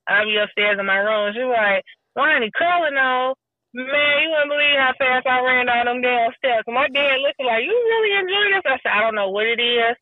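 A woman telling stories in a casual chat, animated and acting out what people said. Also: fairly high pitch, normal speed, no room sound. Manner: animated storytelling, acting out quotes. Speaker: podcast guest. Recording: tinny phone line, dry.

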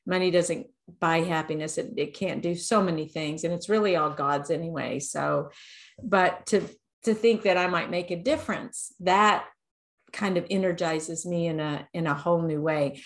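A woman's voice: lowish voice, normal speed. Affirming woman hosting a chat. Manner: curious, affirming, laughs readily. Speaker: interview host. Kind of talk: casual interview.

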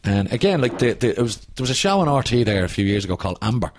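A man, a comedian and actor, telling animated stories in casual chat, often restarting his sentences. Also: medium pitch, quick pace, slight background noise. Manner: animated storyteller, restarts a lot.

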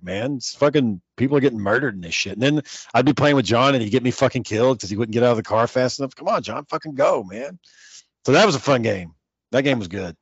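A man's voice: mid-range voice, expressive, brisk, husky, no echo, muffled recording. A man in casual chat about games with a friend, laid-back and rambling, swearing freely. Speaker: gamer chatting with a friend.

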